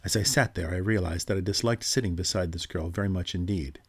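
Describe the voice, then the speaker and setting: Man with a deep, husky voice narrating a ghost story at a measured, steady pace.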